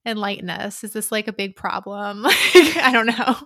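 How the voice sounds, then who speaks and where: A woman's voice: medium pitch, expressive, moderate pace, no room sound, studio quality. A woman co-hosting a book podcast in casual chat, retelling scenes with laughter. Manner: bright, gravelly, laughs while retelling. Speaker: podcast co-host.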